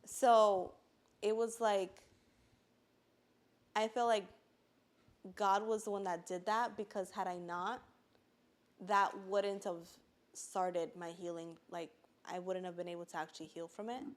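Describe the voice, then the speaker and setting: A woman's voice: mid-range voice, fairly even intonation, unhurried, long pauses. Podcast guest type: a woman with a mid-range voice telling her story earnestly and plainly. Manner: earnest, filler-heavy, fighting back tears at times. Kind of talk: casual personal testimony.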